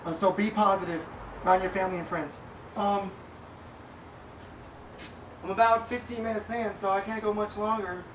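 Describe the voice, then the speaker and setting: A man giving a casual motivational monologue as a podcast host, rambling and halting with many fillers. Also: high-pitched, fairly even intonation. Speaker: podcast host and small business owner. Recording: echoey room, distant mic, faint noise.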